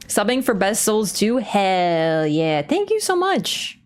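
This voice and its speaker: A young woman streaming a game live, excitable, shouting at the game and laughing often. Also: mid-range voice, a little slow, hardly any pauses.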